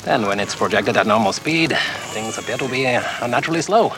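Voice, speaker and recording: A man's voice: medium pitch, expressive, fast, close to an everyday voice. An actor playing an arrogant, confident male cameraman with a German accent and a bombastic, self-assured manner. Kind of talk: film drama acting. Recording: film clip with background noise.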